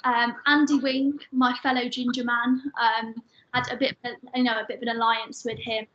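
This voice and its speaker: A woman's voice: fairly high pitch, level tone, normal speed, fairly bright tone. A woman chatting fondly as a guest, easygoing with laughs. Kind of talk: casual fan chat. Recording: muffled with faint background noise.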